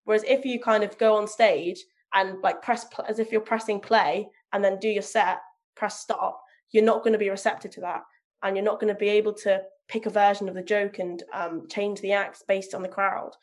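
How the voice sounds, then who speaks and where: A woman's voice: medium pitch, steady tone, normal speed. A woman from England in casual conversation, talking about comedy and improv with frequent laughs and filler words. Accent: neutral southern English. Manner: chatty, laughs often, many ums. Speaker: podcast guest, comedian. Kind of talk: casual chat.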